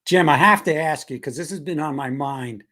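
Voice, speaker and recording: A man's voice: on the high side, moderate pace, pushed and bright. A man co-hosting a show, ribbing his partner with playful jokes in casual chat. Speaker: co-host.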